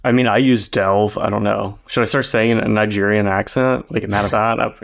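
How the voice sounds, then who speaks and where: A man's voice: lowish voice, steady tone, fairly quick, creaky. A young man co-hosting a podcast in casual chat, musing hesitantly and laughing between phrases. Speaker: podcast co-host.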